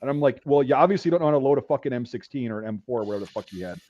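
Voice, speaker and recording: Profane, animated man telling army stories. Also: medium pitch, rapid-fire, muffled recording. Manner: profane, animated storytelling, acts out yelling. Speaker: podcast host, veteran telling army stories. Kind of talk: casual chat.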